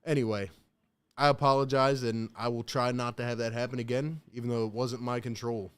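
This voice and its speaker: A man's voice: mid-range voice, level tone, fairly quick, clean tone. A young man hosting a casual live stream, calling play-by-play and reacting, talking slangy and straight to his chat from a home setup.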